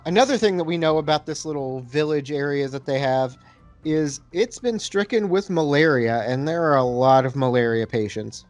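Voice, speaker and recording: A man's voice: fairly high pitch, normal speed, faint music behind. A man co-hosting a casual movie podcast, chatty and critical of the film, leaning on filler words like "like.". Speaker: podcast co-host. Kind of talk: casual movie chat over beer.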